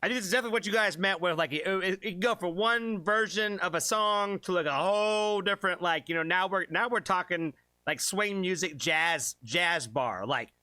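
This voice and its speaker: Excitable man rambling through a music reaction. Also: high voice, moderate pace. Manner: rambling, enthusiastic, stacks of "like" fillers. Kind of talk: casual reaction commentary.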